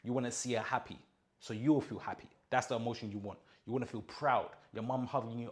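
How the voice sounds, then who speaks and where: Talking fast with a steady tone at medium pitch, a young man creating mindset content gives an emphatic, slang-heavy pep talk. He keeps repeating himself and asking his listener "do you understand?"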